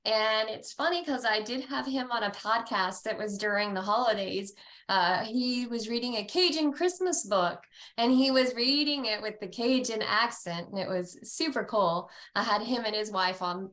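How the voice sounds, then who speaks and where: A woman's voice: medium pitch, normal speed, fairly bright tone. A woman hosting a podcast interview, upbeat and enthusiastic, often laughing with her guest. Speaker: podcast host.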